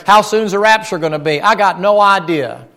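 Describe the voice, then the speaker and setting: A man preaching a folksy, animated sermon and joking with his congregation. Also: high-pitched, normal speed.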